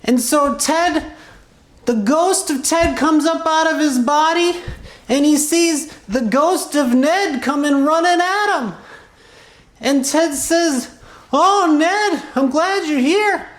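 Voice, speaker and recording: A woman's voice: high voice, takes it slowly, reverberant. A woman telling an improvised children's story in a clown persona, rambling and playful with asides.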